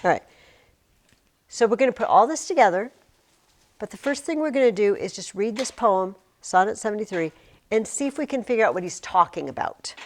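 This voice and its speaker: A middle-aged woman teacher speaks in a classroom, and her voice swoops up and down with lively energy. She chants rhythms aloud and chats with her students as she goes. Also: mid-range voice, a little fast, slight background noise.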